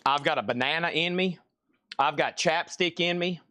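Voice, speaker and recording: A man's voice: on the high side, moderate pace, sharp tone, no echo. Rambling man hosting a live sale. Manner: rambling, talks to himself as he works. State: out of breath. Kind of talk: casual live-stream chat.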